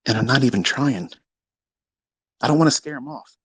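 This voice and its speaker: A man hosts a live audio space, ranting in a profane, combative, boastful way as he swings between low mutters and shouts. He talks at a moderate pace with a breathy edge, and there's no echo.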